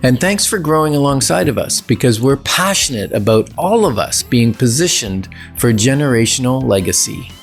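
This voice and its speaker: A man's voice: mid-range voice, expressive, moderate pace, creaky, few pauses, music in the background. A man co-hosting a casual conversation, telling stories in a reflective way with frequent restarts. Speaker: podcast co-host.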